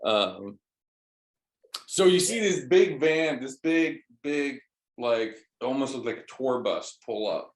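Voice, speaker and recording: A man's voice: medium pitch, expressive, slow. A man chatting casually, telling a rambling travel story with many fillers and restarts. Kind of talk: casual chat.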